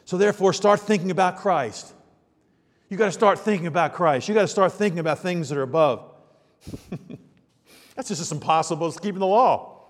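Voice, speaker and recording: A middle-aged male pastor preaches with a high voice. His delivery swings from hushed, quiet stretches to loud, emphatic peaks. Long reverb trails each phrase through the church hall. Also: fairly quick, pauses often. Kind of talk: sermon.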